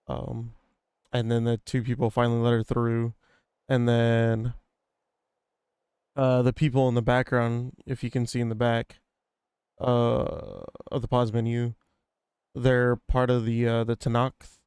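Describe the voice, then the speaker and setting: Casual male let's-player, rambling and profane, very clear dry voice, flat delivery. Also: mid-range voice, measured pace, long pauses, no echo. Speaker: gaming streamer. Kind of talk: let's-play recap commentary.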